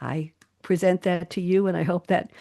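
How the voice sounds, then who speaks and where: A woman's voice: fairly low pitch, level tone, a little fast, mellow, no room sound. An older woman hosting a live talk show, chatty and theatrical, reading out her own poem with flair. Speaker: host.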